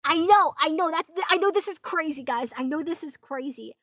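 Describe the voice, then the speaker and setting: Very high, bright excitable streamer woman. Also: moderate pace, no echo, clean studio sound. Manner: loud, excitable, swears often, laughs a lot. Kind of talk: reaction stream chat.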